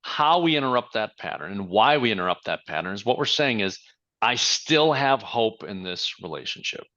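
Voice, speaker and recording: A man's voice: lowish voice, animated, moderate pace, sharp tone, lo-fi sound. A man giving a motivational talk as a leadership coach, speaking emphatically and asking many rhetorical questions.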